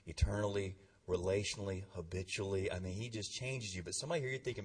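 A man preaching a sermon in a church, energetic and calling on the congregation to respond, heard from a distant mic. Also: lowish voice, fast talker, hardly any pauses, slightly rough. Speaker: pastor.

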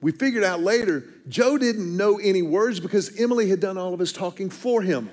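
A man in his fifties preaching a sermon, telling family stories and slowing down hard to stress key phrases. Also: high voice, expressive, darkish tone. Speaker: pastor.

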